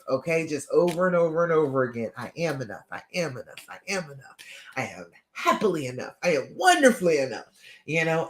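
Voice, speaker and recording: A woman's voice: low-pitched, darkish tone, roomy sound. A woman relationship coach gives a live-streamed talk. She sounds tired and keeps checking in with listeners with "okay?" and "all right?".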